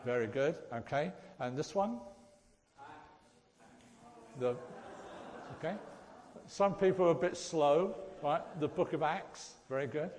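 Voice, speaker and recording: A man's voice: on the high side, darkish tone, in a large hall. A man giving a chatty, joking church talk and addressing the congregation directly as lay preacher. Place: church hall.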